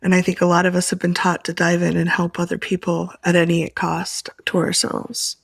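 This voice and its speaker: Soft-spoken woman sharing, dry sound. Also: lowish voice, monotone, normal speed, gravelly, breathy edge, no echo. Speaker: workshop participant. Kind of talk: sharing and guiding tapping.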